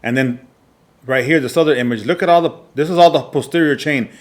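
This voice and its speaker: Male fitness coach, mid-pitched, teaching from slides, emphatic and repeats key points. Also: brisk. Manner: repetitive, emphatic, frequent "all right" checks. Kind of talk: slide presentation lesson.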